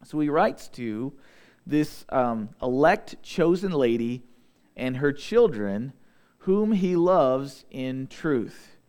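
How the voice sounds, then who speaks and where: A young adult man preaching a sermon, reading scripture aloud and slowing down to stress key words. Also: medium pitch, lively intonation, a little mellow. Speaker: pastor.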